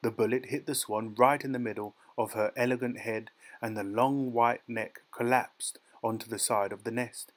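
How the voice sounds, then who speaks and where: A man narrating a dark short story as an audiobook, in a measured, dramatic storytelling manner. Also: medium pitch, steady tone, poor audio. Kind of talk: scripted narration.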